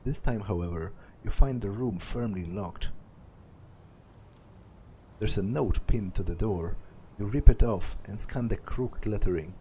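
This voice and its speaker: Young man, let's play narrator, reads a visual novel aloud, hesitant asides, low mellow voice. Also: a little slow, pauses often, a little hiss or hum. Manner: thinks aloud, hesitant, many fillers and restarts.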